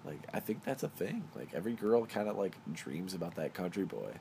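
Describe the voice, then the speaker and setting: A man's voice: low-pitched, lively intonation, brisk, vocal fry, dark tone, slight background noise. A young man hosting a casual podcast chat, playful and laughing often. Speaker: podcast host.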